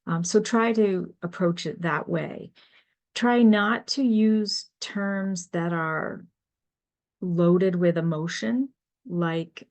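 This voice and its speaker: A middle-aged woman presents a business webinar as an HR consultant, speaking slowly in a somewhat low voice. Her delivery is measured and explanatory, with frequent fillers as she works through her points. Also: a little mellow.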